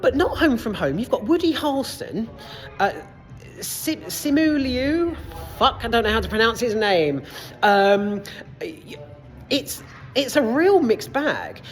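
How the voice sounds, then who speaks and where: A woman's voice: a little high, sing-song, unhurried, faint music behind. A woman giving a casual, rambling film review in a cinema foyer, full of side notes and the odd swear word.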